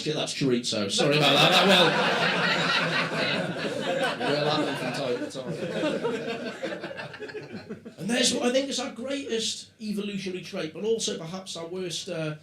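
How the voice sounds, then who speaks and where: A man performing a stand-up comedy set before a live audience, with animated asides to the crowd. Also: sits high, normal speed, long pauses. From Britain. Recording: roomy live venue with crowd laughter.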